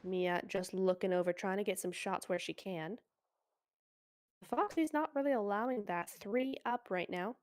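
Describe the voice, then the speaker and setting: A woman casting a mobile shooter tournament live, chatty and quick to exclaim at the action. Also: mid-range voice. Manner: excitable, chatty, exclaims often. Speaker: esports caster. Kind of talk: live play-by-play commentary.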